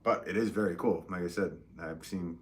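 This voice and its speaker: A man with a very deep voice chats loosely to his live-stream audience as he throws pots in his studio. He rambles and asks viewers questions, with a faint hum of room noise behind him. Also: moderate pace. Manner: rambling and chatty, talks to viewers directly. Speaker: potter hosting a live stream. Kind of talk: casual live-stream chat while working at the wheel. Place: pottery studio at the wheel.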